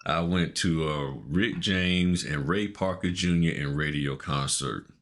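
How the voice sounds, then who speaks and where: Casting: low-voiced middle-aged man, relaxed slangy podcast storyteller. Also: measured pace. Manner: laid-back, laughing, slangy storyteller. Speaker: podcast co-host. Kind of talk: casual storytelling chat.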